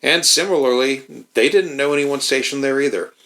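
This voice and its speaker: A man hosts a podcast with dry, mocking commentary and casual profanity. His voice is mid-pitched and bright, with a firm edge. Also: normal speed. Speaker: podcast host. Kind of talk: sardonic commentary.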